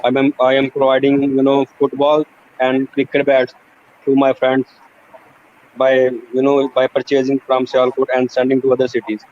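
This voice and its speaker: A man's voice: mid-range voice, monotone, normal speed, darkish tone, dull audio. A man with a Pakistani accent introducing himself in an online class, hesitant and leaning on "you know". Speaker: student, banker. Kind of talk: self-introduction on a video call.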